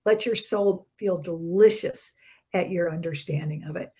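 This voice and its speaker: A woman minister giving a short spiritual talk in a conversational preaching manner, with soft dropped endings and sudden bursts of emphasis. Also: on the low side, moderate pace.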